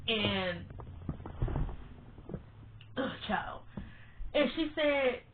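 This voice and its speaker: A woman's voice: fairly high pitch, expressive, drawn-out words, background noise. Blunt, swearing woman on a tinny line. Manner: blunt and emphatic, swears freely, repeats words for stress. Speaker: TV show reviewer. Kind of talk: casual opinionated vlog rant. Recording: tinny phone-like sound.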